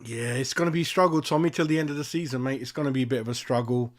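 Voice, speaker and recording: A man's voice: mid-range voice, rapid-fire. A man hosting a casual match-reaction chat, chatty and ranting with plenty of swearing. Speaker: fan channel host.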